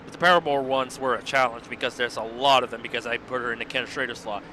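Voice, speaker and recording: A man giving chatty, rambling livestream commentary on his own racing game mod, with bursts of excited cheering. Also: mid-range voice, quick pace, slight background noise. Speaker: game modder and streamer.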